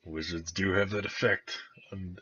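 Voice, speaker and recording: A man plays a formal town official who speaks with old-fashioned courtesy. The voice sits very low and has a husky edge. The recording is dull and dry. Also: steady tone, measured pace, bright, forceful tone, dry recording, heavily acted. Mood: measured. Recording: dull lo-fi sound.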